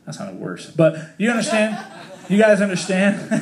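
A man's voice: high voice, big pitch swings, moderate pace. Chatty man teaching a Bible study. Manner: chatty, joking, lots of fillers.

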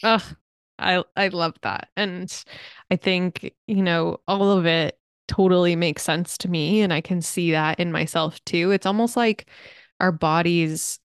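A woman's voice: lowish voice, fairly even intonation, a little slow, clear, resonant tone, no echo, studio quality. A young adult woman co-hosting a podcast in casual chat, supportive and thoughtful in how she responds. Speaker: podcast co-host.

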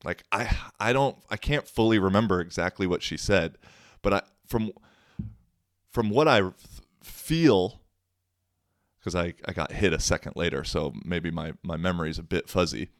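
Deep-voiced man rambling through a story. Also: normal speed, dry recording, studio quality. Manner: rambling, frequent fillers and restarts, wry. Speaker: podcast host. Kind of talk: casual storytelling monologue.

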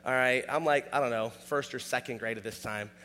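A man's voice: mid-range voice, brisk, sharp tone, in a large hall. A man preaching a sermon in a casual, conversational way, often asking "all right?". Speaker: pastor.

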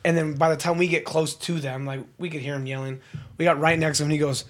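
A young man chats casually on a podcast, his voice sitting a little high. He tells stories with energy and drops into sudden higher voices when he mimics people. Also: steady tone, fast. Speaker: podcast co-host. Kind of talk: casual storytelling chat.

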